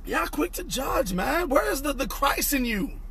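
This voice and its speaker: A young man preaching an impassioned online sermon, fervent and repetitive, often shouting, with a husky voice. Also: extremely high pitch, very animated, a little slow, a little hiss or hum. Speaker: pastor.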